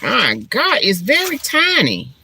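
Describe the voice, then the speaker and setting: A woman's voice: on the high side, unhurried, creaky, noisy background. A middle-aged woman, chatting casually to her viewers over lunch, calling them honey and child and laughing often. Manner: chatty, Southern-style endearments like honey and child; animated and laughing, church exclamations. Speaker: vlogger. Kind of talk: casual mukbang-style chat.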